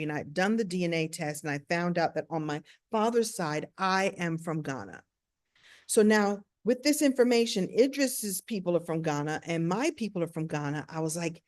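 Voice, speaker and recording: A woman from the United States, a speaker and coach, telling a story in a playful, self-mocking way and acting out voices. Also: lowish voice. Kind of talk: storytelling talk.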